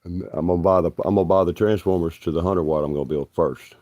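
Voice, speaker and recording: A man's voice: low voice, steady tone, fast talker, warm tone, no echo. A man, rambling bluntly and profanely on a livestream.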